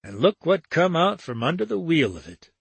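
A man voicing an easygoing young man who talks in a slow, unhurried drawl. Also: fairly high pitch, sing-song, creaky, breathy edge, dry recording, pitched above the performer's own voice, heavily acted. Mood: easy.

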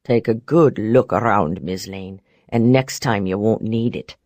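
A woman's voice: unhurried, a little mellow, no room sound. A woman playing a curt, cold-voiced man. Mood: commanding. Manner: terse, low, clipped.

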